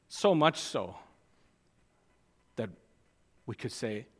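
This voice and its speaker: A man preaching a sermon, swinging between quiet asides and loud, emphatic declarations. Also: mid-range voice, big pitch swings, slow, pauses often. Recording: long hall reverb.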